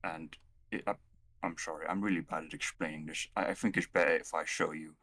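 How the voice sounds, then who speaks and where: A man playing a tabletop role-playing game, talking in a hesitant, halting way. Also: a bass voice, steady tone. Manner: hesitant, halting, soft-spoken. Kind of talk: in-character roleplay and table chat.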